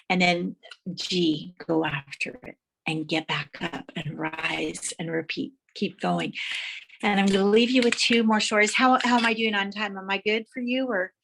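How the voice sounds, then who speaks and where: A woman's voice: mid-range voice, steady tone, normal speed, creaky, a bit bright, slight background noise. A woman giving a motivational speech, telling vivid stories and guiding listeners to imagine their dreams. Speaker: motivational speaker.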